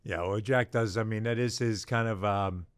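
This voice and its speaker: Agreeable podcast co-host, dry sound. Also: male voice, lowish voice, steady tone, normal speed, clean tone, no room sound. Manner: agreeable, hesitant with fillers. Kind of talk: casual podcast chat.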